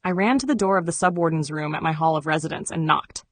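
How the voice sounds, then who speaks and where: A woman narrates a first-person memoir in an even, measured delivery. Her voice sits slightly low, and the recording is dry and close with no room sound. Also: no echo. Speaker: audiobook narrator.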